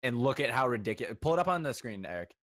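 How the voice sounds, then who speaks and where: A man's voice: medium pitch, big pitch swings, racing, fairly bright tone, dry recording. A young man co-hosting a live-streamed chat show, joking around and hesitating with "uh" and "like". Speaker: co-host.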